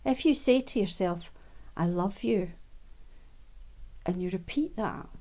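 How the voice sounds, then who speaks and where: Soft-spoken woman, self-help talk. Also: mid-range voice. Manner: soft, unhurried, with many ums and quiet laughs.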